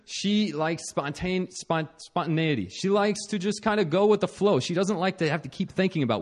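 A young man telling a personal story about his marriage in an animated, self-mocking way, with frequent restarts and chuckles. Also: sits high, normal speed, hardly any pauses. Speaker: speaker sharing a marriage story.

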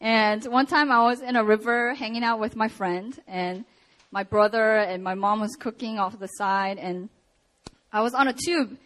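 A young woman preaching a sermon and telling a personal story, animated with laughs and acted-out quotes. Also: on the high side, moderate pace.

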